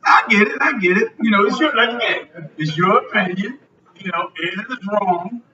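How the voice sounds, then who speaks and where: A man hosting a live podcast on a club stage, joking loudly and swearing a lot. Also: sits high, normal speed. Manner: loud, profane, joking. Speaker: podcast host. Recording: roomy lo-fi live venue recording from a distance.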